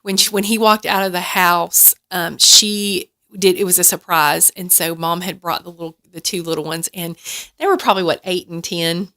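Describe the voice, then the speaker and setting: Woman, radio guest, earnest storytelling, bright tense tone, somewhat low pitch. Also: fairly even intonation, moderate pace. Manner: earnest storytelling, many restarts. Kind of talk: casual radio chat.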